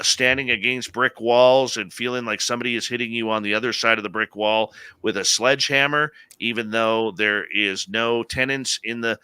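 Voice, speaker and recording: A man in his late forties hosting a live radio show, telling a story in an animated, conversational way. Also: medium pitch, clean tone, dry recording. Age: late 40s.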